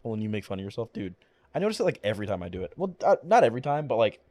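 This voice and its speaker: A man's voice: lowish voice, big pitch swings, racing, a little mellow. A man streaming a video game, chatting casually and rambling with lots of swearing and fillers, his voice cracking now and then. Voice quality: occasional voice cracks. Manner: mumbles. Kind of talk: casual gameplay commentary.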